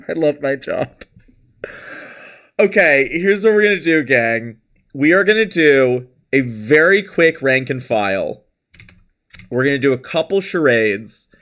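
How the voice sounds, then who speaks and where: A man's voice: mid-range voice, fairly bright tone. A man hosting a live stream, chatting casually and rambling, laughing often and thanking viewers from chat. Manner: reads out chat names and thanks followers. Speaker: livestream host.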